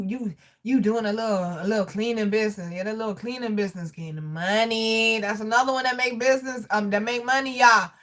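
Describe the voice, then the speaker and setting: Bright, animated woman on a livestream. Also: on the high side. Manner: animated, profane, frequent laughter, addresses viewers. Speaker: livestream host reading chat. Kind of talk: casual livestream chat.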